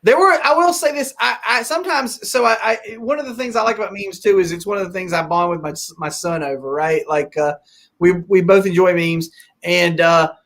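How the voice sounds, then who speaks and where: A man hosting a podcast in casual chat, rambling with halting restarts and chuckles. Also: sits high, a bit bright. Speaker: podcast host.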